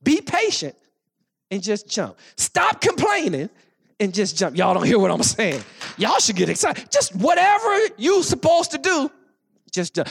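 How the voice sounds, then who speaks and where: A man with a lilt preaching to his congregation. His voice sits high and leaps widely in pitch. He moves from storytelling into fervent, shouted exhortation. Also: wildly swooping pitch, measured pace, gravelly, slightly rough. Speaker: pastor. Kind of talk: sermon.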